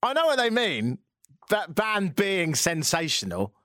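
A man's voice: sits high, wildly swooping pitch, a little slow, bright, forceful tone, no room sound. English guy on radio, jokey and chatty, voice jumps all over, dead dry studio sound. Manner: chatty, joking, rambling. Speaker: radio host. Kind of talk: casual radio chat.

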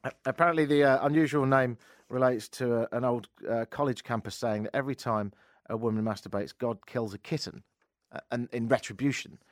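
Speaking into a studio microphone with no echo, this radio talk show host has a medium-pitched voice and a brisk pace. He reads strange news items aloud and interrupts them with sarcastic jokes.

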